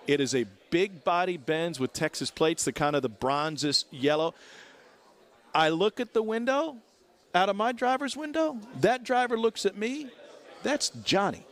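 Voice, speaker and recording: A man in his forties, a little higher-pitched than most men, tells a long story on a radio talk show. He acts out each person in it with their own voice. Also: fairly bright tone. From Missouri. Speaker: guest storyteller. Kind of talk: animated anecdote on talk radio.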